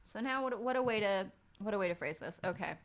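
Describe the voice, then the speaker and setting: A woman's voice: medium pitch, lively intonation, fast talker. A woman streamer telling a wild family story in casual chat, dramatic and profane.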